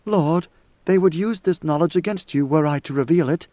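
A man's voice: fairly high pitch, normal speed, warm tone, no echo, lightly acted. A man voicing a faint, fearful young woman. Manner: faint, hesitant. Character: young woman, devoted, fearful, softly spoken. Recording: dull lo-fi dry recording.

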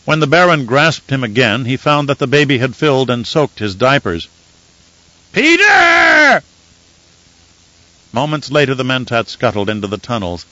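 A male audiobook narrator with a medium-pitched voice, reading in a measured, even way. The recording is dull and lo-fi, close and dry with no room sound. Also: no echo. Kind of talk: scripted narration.

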